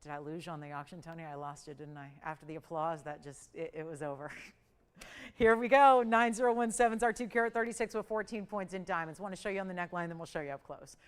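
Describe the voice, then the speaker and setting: A woman hosting a live TV jewelry sale, chatty and jokey, running auction countdowns with sudden excited jumps in her voice, recorded in a TV studio on a lapel mic. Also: fast talker, smooth. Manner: chatty, animated, jokey, pitch swings up for countdowns. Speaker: shopping channel host.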